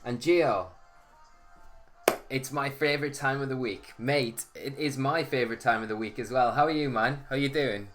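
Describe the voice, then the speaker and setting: A man's voice: medium pitch, normal speed, a bit bright, faint music behind. A man hosting a casual live stream, chatting and greeting viewers by name.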